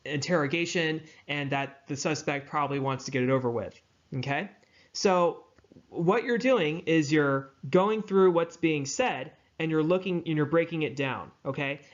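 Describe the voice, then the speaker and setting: A man's voice: a little high, highs cut off. A man lecturing in a conversational way, often checking in with his students as he breaks things down. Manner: conversational, checks in with "right?" and "okay?". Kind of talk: university lecture.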